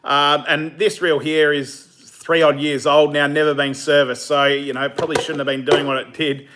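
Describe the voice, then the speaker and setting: On his fishing channel's live stream, a man with a fairly high voice responds to viewer comments in a level tone at a moderate pace, with background noise audible. His manner is casual and chatty, full of fillers and easy laughter.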